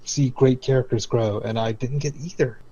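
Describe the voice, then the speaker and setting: A man's voice: medium pitch, fairly even intonation, normal speed, dark tone, husky, muffled recording. A man co-hosting a casual podcast, building long, critical arguments. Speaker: podcast co-host.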